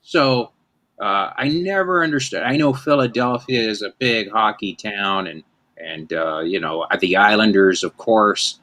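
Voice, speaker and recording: A man's voice: fairly low pitch, a little slow, pushed and bright. A man in his fifties, hosting a casual chat and telling rambling, self-mocking stories. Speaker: host.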